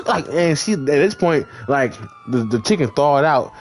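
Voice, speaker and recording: A young man tells a long story in casual chat, his intonation lively and his pace a little slow, over a little hiss or hum. He rambles with heavy fillers and acts out the other people in high voices.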